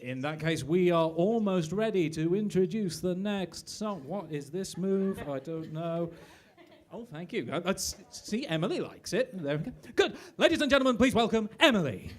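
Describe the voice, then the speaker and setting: A man's voice: sits high, expressive, moderate pace. A man hosting a live showcase at an arts club, joking and laughing between acts. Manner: jokey and self-deprecating, laughing often. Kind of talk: compering between songs. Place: indoor arts club venue.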